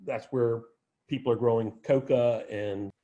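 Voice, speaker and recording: A man's voice: medium pitch, fairly even intonation, measured pace, mellow, lo-fi sound. A man giving an informal plant lecture, conversational, with frequent restarts and asides. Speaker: arboretum director giving a plant talk.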